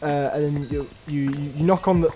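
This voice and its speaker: A man's voice: a little high, steady tone, a little fast, crowd noise. A young man chatting casually, spinning silly hypothetical stories in a playful way. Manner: playful storyteller with silly put-on voices. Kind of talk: casual chat. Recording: music playing behind.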